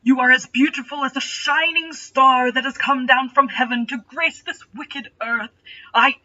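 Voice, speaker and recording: A woman's voice: high-pitched, steady tone, measured pace, pushed and bright, far from the mic, dull audio, exaggerated voice. A woman voicing a lovestruck male elf prince who sobs and wails in overwrought, theatrical despair. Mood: adoring.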